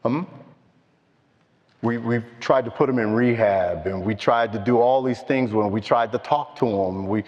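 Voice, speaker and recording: An older man telling his own story at a recovery meeting, slow and halting, heartfelt. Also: mid-range voice. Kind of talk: personal testimony. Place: meeting hall. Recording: dull, with long hall echo.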